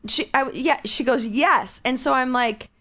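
A woman in casual chat, excitedly retelling a story and acting out the quotes. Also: sits high, measured pace. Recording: dull lo-fi sound.

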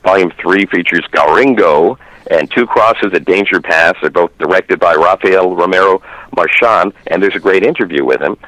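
A man's voice: low-pitched, moderate pace, fairly bright tone, dry recording, poor audio. A middle-aged man calling in as a guest, chatting eagerly about western films with many fillers and restarts. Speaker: phone-in guest, western film reviewer. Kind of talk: casual chat.

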